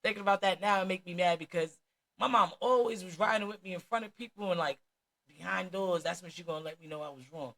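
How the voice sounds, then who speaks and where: A woman's voice: lowish voice, quick pace, a bit bright. A woman with a New Jersey accent telling her life story candidly, in blunt street slang with plenty of swearing.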